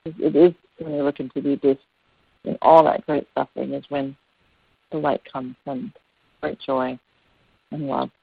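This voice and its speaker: A woman's voice: extremely low pitch, steady tone, moderate pace, vocal fry, long pauses, slightly rough, dry recording. A woman yoga teacher giving an earnest, meandering talk over a video call, with many fillers. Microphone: phone on a video call. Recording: dry, tinny phone-like call audio.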